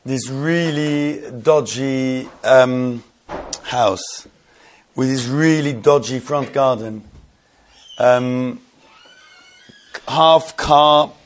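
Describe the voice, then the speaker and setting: A man from the London area tells friends a rambling, amused anecdote, often breaking into laughter. His mid-range voice draws out words and pauses often, with a little hiss or hum in the audio.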